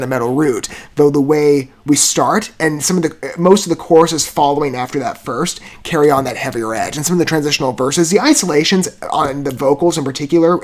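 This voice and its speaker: Wordy man reviewing a rock song. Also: a little high. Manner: wordy, searching phrasing with frequent restarts and light laughs. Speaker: music reaction host. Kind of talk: music review commentary.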